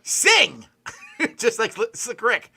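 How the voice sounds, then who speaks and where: A man hosting a casual sports chat on a livestream over a video call. He is excitable, often stammers, and laughs a lot. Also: high-pitched, a little fast. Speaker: host.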